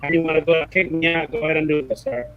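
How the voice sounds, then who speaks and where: A man speaks politely and eagerly over a video call. His voice sits a bit high, and the audio comes through muffled and lo-fi. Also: fairly even intonation, fast. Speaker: panel guest. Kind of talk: casual chat.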